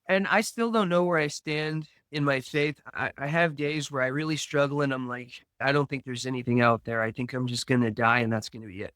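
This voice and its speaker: On a podcast, a male guest earnestly and slowly shares his personal recovery story, acting out remembered exchanges. His voice is medium-pitched and a bit bright, with no echo.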